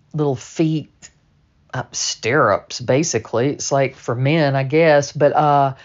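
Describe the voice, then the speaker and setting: A woman from Georgia telling a personal memory in a slow, plainspoken and candid way. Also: low voice, darkish tone, highs cut off. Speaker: storyteller. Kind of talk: personal memoir storytelling.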